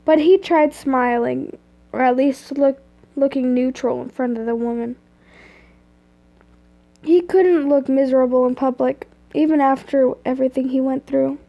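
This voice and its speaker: A woman's voice: high-pitched, steady tone, a little slow, vocal fry, dull audio. A young woman casually reading fan fiction aloud on a live stream, stumbling over words and breaking off into asides. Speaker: reader. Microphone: phone or computer mic.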